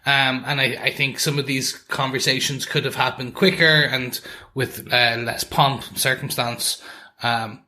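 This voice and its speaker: Bright-voiced man rambling on a podcast. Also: medium pitch, fairly even intonation, a little slow. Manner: rambling, self-correcting with many restarts. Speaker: podcast co-host. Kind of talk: casual chat.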